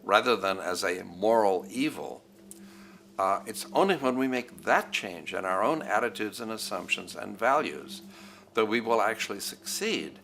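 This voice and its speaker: Man explaining slowly, low gravelly voice but bright. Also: a little hiss or hum. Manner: deliberate, explanatory. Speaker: interviewee. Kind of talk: measured interview answer.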